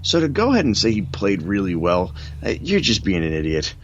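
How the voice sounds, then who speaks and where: A man's voice: lowish voice, huge pitch swings, a little fast, slight background noise. A man co-hosting a casual sports podcast, ranting bluntly and dismissively. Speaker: podcast co-host. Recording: dull, dry lo-fi sound.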